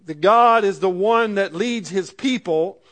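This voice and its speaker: A man's voice: high voice, unhurried, a bit bright. A pastor preaching a sermon, reading scripture aloud and then driving his points home with rising emphasis.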